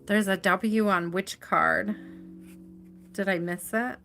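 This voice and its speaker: A woman hosting a live tarot reading, talking to her viewers in a chatty, affectionate way and stretching out the words she stresses. She sounds tired and keeps yawning as she goes on. Soft music plays faintly behind her. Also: mid-range voice, steady tone, creaky. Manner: chatty and affectionate, drawn-out stresses, frequent laughs. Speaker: tarot reader.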